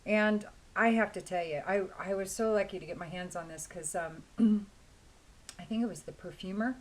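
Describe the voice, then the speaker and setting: Hoarse woman chatting casually, throat-clearing. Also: mid-range voice, moderate pace, rough recording. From Washington State, US. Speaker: fragrance reviewer. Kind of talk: casual video review.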